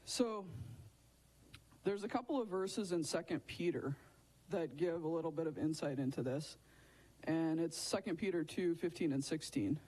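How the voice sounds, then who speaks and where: A man with a fairly high voice gives a children's Bible lesson. He talks in a chatty, informal way and keeps turning to his listeners with questions. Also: moderate pace, darkish tone, rough recording.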